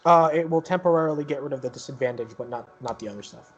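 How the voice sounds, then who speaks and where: A man's voice: a little high, quick pace, highs cut off, a little hiss or hum. A young man running a tabletop game as game master, loose and joking, with lots of fillers.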